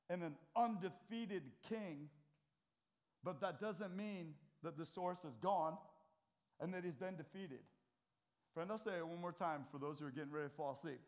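An American man preaches from the pulpit with a slightly raised voice. He tells stories in a conversational way, getting loud and then dropping almost to a murmur. The delivery is that of a pastor talking directly to his congregation. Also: a little high. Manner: conversational storytelling with big swings between loud and soft. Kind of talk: sermon. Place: church.

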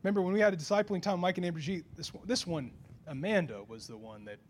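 A man preaching a sermon to a congregation, animated, building to loud, pressing rhetorical questions. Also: sits high, fast talker. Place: church before a congregation.

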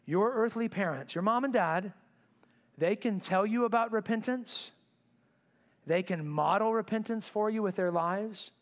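A man preaching a sermon to his congregation in a church, swinging between loud emphatic bursts and quiet, intense lines. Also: sits high. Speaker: pastor. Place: church sanctuary.

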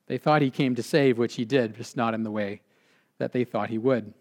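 A male pastor delivering a sermon in an earnest way, slowing for emphasis and dropping quiet at the ends of points. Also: mid-range voice. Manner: earnest, with slowed emphatic phrasing and drops to a quiet close.

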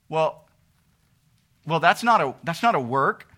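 A man preaching a sermon, asking rhetorical questions and swinging between loud emphasis and quiet asides. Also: on the high side, expressive, unhurried, long pauses. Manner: asks rhetorical questions and acts out what people say to God.

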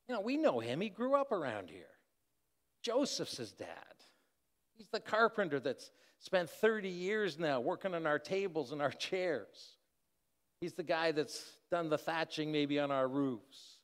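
A man's voice: mid-range voice, lively intonation, a little slow, darkish tone, close to an everyday voice. A man voicing skeptical townsfolk in a sermon, asking incredulous rhetorical questions. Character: skeptical village townsfolk, astonished and gossiping. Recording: long hall reverb.

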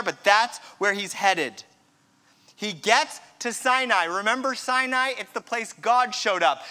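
A man preaching a sermon, retelling a scripture story with dramatic pauses and a hushed drop near the end. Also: very high voice, smooth. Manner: storytelling, dramatic drops to a hush.

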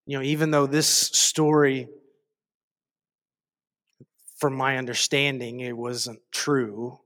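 A man preaching a sermon, slow and deliberate, repeating phrases for emphasis. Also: mid-range voice, level tone, a bit bright.

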